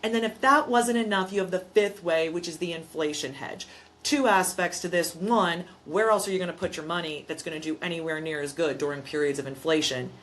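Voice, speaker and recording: A woman's voice: on the low side, brisk, a bit bright, slight background noise. A woman property manager and investor talking in a casual podcast conversation, explaining things emphatically and telling stories in which she acts out both sides.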